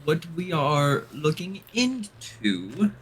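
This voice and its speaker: Slow, hesitant man explaining in character. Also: on the high side, very animated, background noise. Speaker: player. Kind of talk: in-character roleplay.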